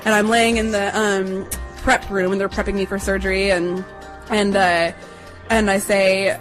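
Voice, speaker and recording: A young adult woman chattily telling a personal story to listeners, acting out the quotes in a higher voice. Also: flat delivery, unhurried, soft background music, poor audio.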